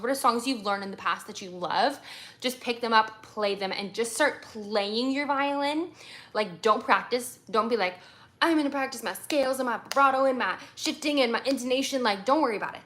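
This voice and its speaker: A woman's voice: fairly high pitch, fairly bright tone. A woman from America, a violinist, answering viewer questions in a casual livestream chat, full of ums and likes.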